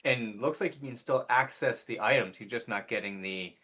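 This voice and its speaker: Bright-voiced man running a tabletop game. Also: mid-range voice, moderate pace. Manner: relaxed, uses many fillers. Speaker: game master. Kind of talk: casual tabletop game recap.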